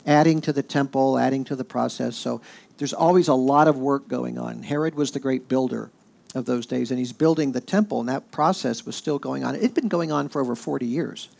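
A man preaching a sermon in a conversational, animated way. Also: medium pitch, fairly quick, gravelly. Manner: conversational, with fillers and animated quoting. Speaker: pastor.

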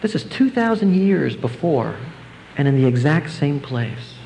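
A man preaching a sermon, explaining scripture verse by verse and rising now and then to emphatic, excited bursts. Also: a little high, a little slow, gravelly, slight background noise, low-quality recording. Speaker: pastor.

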